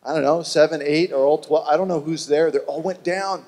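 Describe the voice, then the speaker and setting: A man preaching a sermon, telling a Bible story in an animated way and acting out the voices of its people. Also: a little high, fairly quick, long reverb tail. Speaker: pastor.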